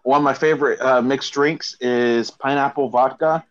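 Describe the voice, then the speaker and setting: A man with an accent chats in an easygoing way while playing a game with friends and is quick to laugh at himself. His pitch sits in the middle range. The sound is dull and lo-fi. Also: steady tone. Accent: non-local accent. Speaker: gamer. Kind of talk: casual chat while playing.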